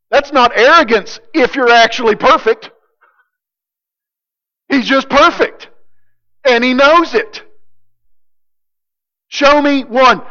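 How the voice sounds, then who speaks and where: Emphatic high bright-voiced male preacher. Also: lo-fi sound. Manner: emphatic, swings from loud declarations to hushed intensity. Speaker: pastor. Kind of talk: sermon.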